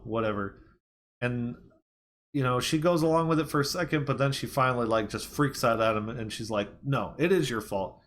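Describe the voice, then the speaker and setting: Man, movie reviewer, casual plot recap, rambling, lots of "like" and "you know", mid-pitched voice. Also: a bit bright. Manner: retells scenes loosely, quoting characters conversationally.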